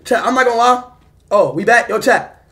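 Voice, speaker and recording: A man's voice: extremely high pitch, expressive, moderate pace, pushed and bright. A male livestreamer talking casually to his chat, frustrated and swearing a lot. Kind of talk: casual live-stream talk to chat.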